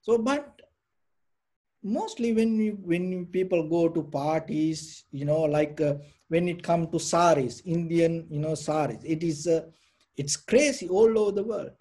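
Soft, husky-voiced man teaching meditation. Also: on the high side, measured pace. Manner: rambling, many restarts and "you know" fillers. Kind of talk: informal dharma talk.

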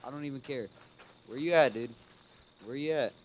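A man hosting a gaming video, commenting casually as he plays, calling out "dude" often and swinging between muttering and loud frustrated outbursts. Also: medium pitch, normal speed, a little hiss or hum, rough recording. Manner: casual, keeps saying "dude". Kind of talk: let's play commentary.

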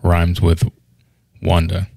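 A man's voice: completely flat delivery, slow, mellow, dry recording. A man co-hosting a podcast in casual chat, joking and teasing his partner. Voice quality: gravelly, low. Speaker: podcast co-host.

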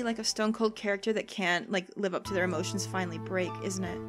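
A woman hosting a let's play, giving excitable, exclamatory commentary full of gasps and little asides of "darling". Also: mid-range voice, fast talker, few pauses, soft background music. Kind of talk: reactive gameplay commentary.

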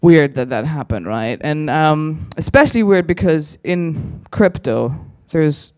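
A man's voice: a little high, animated, a little slow, a little mellow, clear, resonant tone. A man doing stand-up crowd work on a conference stage, brash and teasing, swearing freely as he ribs the audience. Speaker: stand-up comedian.

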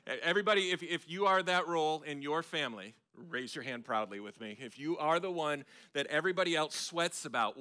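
A man, preaching a sermon as a pastor and telling self-mocking stories in an animated way. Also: mid-range voice. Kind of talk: storytelling sermon. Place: church sanctuary.

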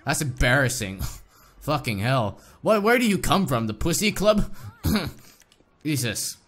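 A man's voice: mid-range voice, sing-song, slow pace, soft background music. A man hosting a gaming channel, giving crude, joking commentary over gameplay with plenty of swearing. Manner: joking, swearing, bursts into shouts and laughs.

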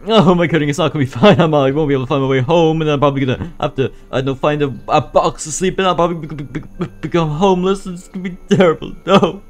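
A man's voice: a little high, quick pace, hardly any pauses, close to an everyday voice. A man voicing a goofy, whiny animatronic bear who stammers as he talks in a game machinima. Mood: distressed.

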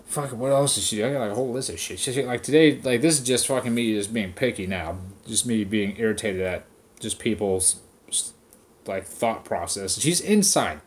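A man's voice: on the low side, expressive, normal speed, a little hiss or hum. A man hosting a podcast, ranting casually with heavy swearing and mocking impressions of people. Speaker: podcast host. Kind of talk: casual profane rant.

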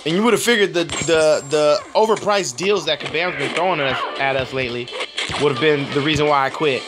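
A man in his thirties with a hoarse voice, chatting casually and laughing at himself while commenting on a mobile game at home. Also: fairly high pitch, fairly quick, music in the background.

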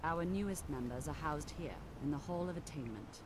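A woman voicing a brisk, formal administrator of a mage college in a video game, polite, orderly and instructive. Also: sits low, lightly acted.

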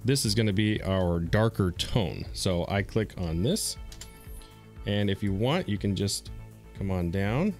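A man with a low voice that rises and falls a lot as he explains each step of a software tutorial. He talks in a relaxed, step-by-step way, with easy fillers and small repeats. Soft music plays faintly behind him. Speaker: streamer teaching a design tutorial. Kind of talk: screen-recorded software tutorial.

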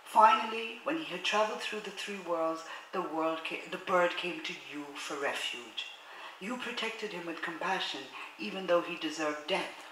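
A woman with a bright, crisp voice gives a public lecture, reading translated passages in a measured, formal cadence. Between readings she hesitates, with plenty of ums and restarts. The sound is roomy, with hall echo and a faint hum of ambience behind her. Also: on the low side. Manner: measured, formal read-aloud delivery of translated text.

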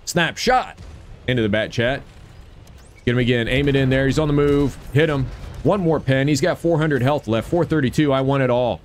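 A man's voice: mid-range voice, brisk, a little mellow, slight background noise. Upbeat man doing game commentary. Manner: upbeat, cheers on his own shots. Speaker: gaming video creator. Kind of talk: gameplay commentary.

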